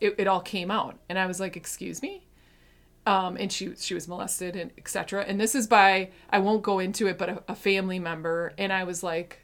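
A woman in her thirties giving a heartfelt personal faith testimony, earnest, swinging between hushed and intense. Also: mid-range voice. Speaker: Christian speaker sharing testimony.

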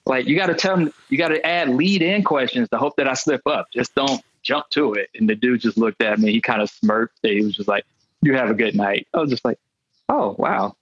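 Man telling stories with animated voices. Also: mid-range voice, brisk, hardly any pauses, muffled recording. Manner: animated, acts out quoted voices. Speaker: comedian guest. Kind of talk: comic storytelling.

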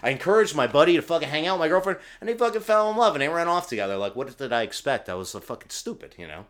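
A loud, excitable man from New Jersey tells stories on a podcast, cursing freely as he goes. He talks at a rapid clip, and his pitch swings widely as he gets worked up. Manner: loud, excitable, swears a lot. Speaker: podcast guest, comic book artist. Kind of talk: casual chat.

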